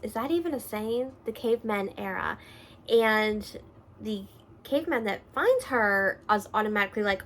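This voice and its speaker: A woman hosts a casual book vlog from a room at home, animated and quick to laugh. Her mid-range voice swings between loud exclamations and soft, half-whispered asides, with slight background noise.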